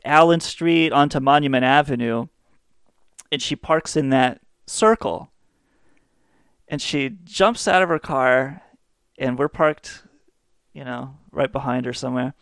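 A man's voice: mid-range voice, clear, resonant tone, dry recording, studio quality. A young adult man hosting a podcast, telling rambling, profane, self-mocking stories in a casual way. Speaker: podcast host. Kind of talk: casual comedic storytelling.

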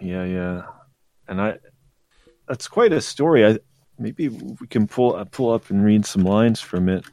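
A man's voice: lowish voice, unhurried, a little mellow, no room sound. A man co-hosting a podcast who rambles loosely with fillers and swearing. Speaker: podcast co-host. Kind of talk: casual podcast chat.

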